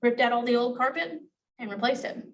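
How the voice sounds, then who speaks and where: A woman with a slightly high voice runs a training class for agents. She talks bluntly, swears freely and acts out the lines she wants them to use. The mic picks her up from a distance. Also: fairly quick, dull audio, a little hiss or hum. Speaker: real estate negotiation trainer.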